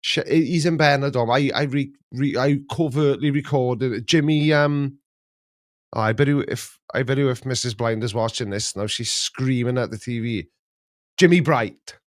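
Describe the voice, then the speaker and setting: A man's voice: mid-range voice, moderate pace, no echo. Middle-aged male streamer, rambling chatty host, dry close sound. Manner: rambling, chatty, chuckles at his own jokes. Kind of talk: casual live-stream chat.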